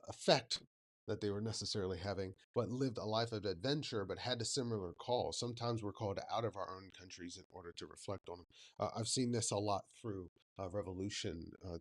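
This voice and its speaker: A man hosting a reaction video, giving thoughtful commentary and searching for words with many fillers. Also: lowish voice. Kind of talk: reflective commentary.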